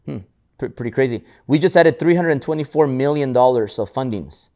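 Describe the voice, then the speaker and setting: A podcast co-host, male, speaks in a mid-range voice at a fairly quick clip. He tells stories in a casual, motivational chat, often restarting his words and acting out what other people said in an animated way.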